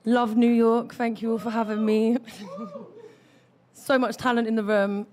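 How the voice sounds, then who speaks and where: A woman's voice: fairly high pitch, little pitch movement, measured pace, darkish tone. A young woman from London with a London accent, performing rhythmic rhyming spoken word poetry into a stage microphone at an open mic. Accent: London English. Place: open mic venue, indoors.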